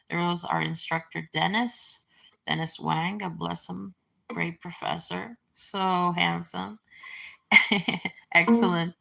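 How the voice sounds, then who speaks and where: A vlogger in her forties talks to camera in a casual, meandering monologue, reminiscing with plenty of fillers and restarts. Her voice is fairly low, with vocal fry and a bright, forceful tone.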